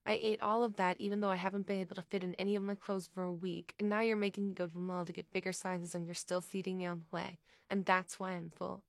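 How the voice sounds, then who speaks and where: A shy, flustered woman in a read-aloud story, played by a woman narrator. She answers in a quiet, hesitant way with a gravelly low tone, recorded dry and up close. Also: flat delivery, quick pace, hardly any pauses, no echo. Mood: exasperated. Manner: quiet, hesitant, sometimes defensive. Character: flustered, embarrassed young woman.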